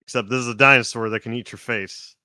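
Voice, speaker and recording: A man's voice: mid-range voice, fairly even intonation, fast talker, pushed and bright, smooth, dry recording, clean studio sound. A man co-hosting a podcast, riffing and joking with casual swearing. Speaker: podcast co-host. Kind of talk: casual chat.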